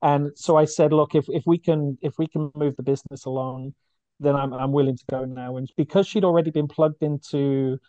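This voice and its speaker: A man's voice: fairly high pitch, steady tone, fairly quick, mellow, no echo, muffled recording. A man, a charity founder, telling his story earnestly and with feeling in a podcast interview, often restarting his sentences. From United Kingdom.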